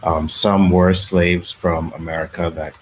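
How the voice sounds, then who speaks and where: A man's voice: low voice, measured pace, slight background noise, rough recording. A Canadian man hosting a casual chat, telling stories animatedly and laughing often. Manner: animated storytelling, acts out quotes, laughs often. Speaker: podcast host.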